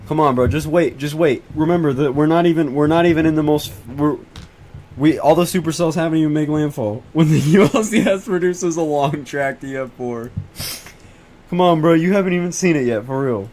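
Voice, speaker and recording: This teenage boy's voice is fairly high and fairly quick as he hosts a storm-tracking livestream, giving casual commentary to his chat. He's pleading and whiny, repeating himself over and over, swearing, and bursting with excitement when he spots storms.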